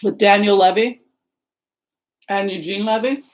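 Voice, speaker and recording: Unhurried, with a medium pitch and fairly even intonation, a middle-aged Seattle-area woman from Washington chats with live viewers on her livestream, rambling and greeting people by name. Poor audio quality.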